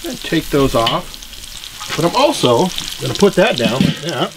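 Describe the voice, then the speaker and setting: A man's voice: fairly high pitch, sing-song, a little slow. A man hosting a casual cooking vlog, talking upbeat and straight to viewers while he grills outdoors on a cold, windy day. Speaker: grilling channel host. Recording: outdoor recording with loud grill sizzle. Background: food sizzling on the grill.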